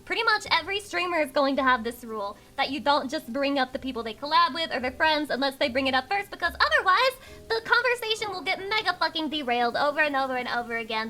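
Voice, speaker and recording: A woman's voice: high-pitched, pushed and bright. A young adult woman streaming live, bantering with chat in a brash, swearing way. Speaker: VTuber streamer.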